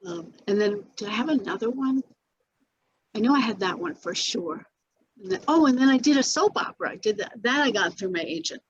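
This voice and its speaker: A woman's voice: mid-range voice, lively intonation, brisk, dull audio, slight background noise. An older woman being interviewed about her acting career, telling stories with many restarts, fillers and laughs. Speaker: actress interviewee. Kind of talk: casual interview recollection.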